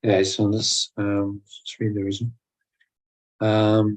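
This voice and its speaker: Male discussion leader, lowish voice, loose conversational delivery with restarts. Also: monotone, slow pace, pauses often, rough recording. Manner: conversational, with many fillers and restarts. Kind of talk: casual spiritual discussion.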